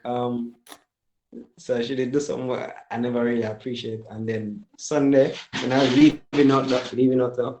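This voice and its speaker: A man, casually sharing a personal story at a Bible study in a relaxed, slangy way. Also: mid-range voice, poor audio.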